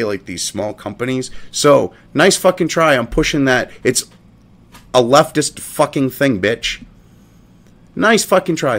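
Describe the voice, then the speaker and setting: Profane ranting man, lively high voice. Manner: profane, mocking, combative. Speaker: commentary show host. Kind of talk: ranting commentary reading a statement.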